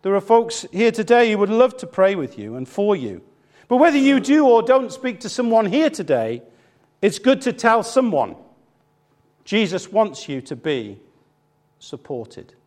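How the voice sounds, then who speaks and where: A man preaching a sermon, telling a story with humor and building to emphatic high points. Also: big pitch swings, unhurried, a little mellow.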